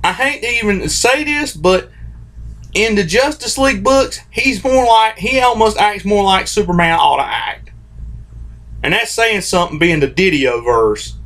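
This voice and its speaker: A man with a notably high voice hosts his own vlog and rants about comics. He sounds heated and informal, circling back to repeat himself and restarting his sentences. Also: expressive, unhurried, a bit bright. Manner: heated, repetitive, informal, restarts phrases often. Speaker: host of a comics commentary channel. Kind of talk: opinionated vlog rant.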